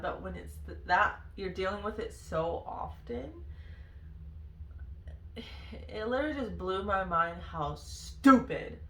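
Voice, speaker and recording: A woman's voice: medium pitch, pushed and bright. A woman, a former Marine, telling stories in a candid, exasperated, freely swearing vlog style. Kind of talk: casual storytelling vlog. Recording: roomy echo.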